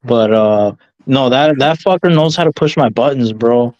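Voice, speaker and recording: A man calls in over a slightly dull, muffled line, pitched in a middle range. He talks bluntly, swearing and defending himself in casual chat. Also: normal speed, a little mellow. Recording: slightly dull call-in audio.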